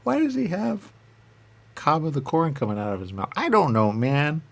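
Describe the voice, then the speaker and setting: A man rambling in a goofy comic back-and-forth with himself, answering his own questions and dropping into hushed asides. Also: a little high, wildly swooping pitch, normal speed, creaky. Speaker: radio show personality.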